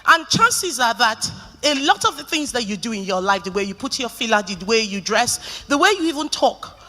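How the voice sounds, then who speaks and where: A middle-aged Nigerian woman with a slightly high voice gives a keynote at moderate pace in a reverberant conference hall. She tells lively stories and jokes with the audience.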